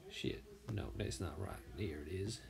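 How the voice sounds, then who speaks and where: Soft-spoken man musing while drawing. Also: sits low, unhurried, creaky, a crowd in the background. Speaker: artist. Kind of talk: drawing commentary.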